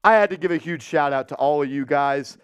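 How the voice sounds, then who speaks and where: A man hosting a casual live-stream sports show, talking warmly and giving viewers shout-outs. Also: on the high side, fairly quick, clear, resonant tone, no room sound, soft background music.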